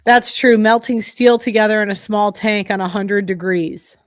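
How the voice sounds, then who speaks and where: This livestream host is a young woman with a medium-pitched voice, fairly even intonation and normal speed. She talks casually but bluntly and heatedly, cursing a lot and often starting over, captured dry and clean in a studio.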